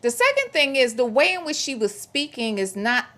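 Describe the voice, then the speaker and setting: A woman's voice: sits high, big pitch swings, normal speed, sharp tone. A woman hosting a casual livestream commentary, sassy and emphatic, with slangy talk and playful repetition. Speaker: show host.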